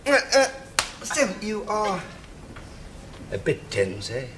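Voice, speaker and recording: An actor playing a pompous senior psychiatrist in a 1970s sitcom, who coaxes patronisingly and then erupts into shouting rages. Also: male voice, high-pitched, huge pitch swings, takes it slowly, full character voice. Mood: soothing patronising. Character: pompous male senior hospital psychiatrist, explosive temper. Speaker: hospital psychiatrist. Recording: studio audience laughter over noisy old broadcast.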